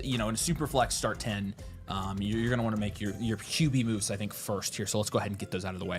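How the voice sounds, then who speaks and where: A man co-hosting a podcast, chatting casually and rambling through advice with lots of fillers and restarts. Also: fairly low pitch. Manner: rambling with filler words and restarts, laughs easily. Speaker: podcast co-host. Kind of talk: casual fantasy football advice chat.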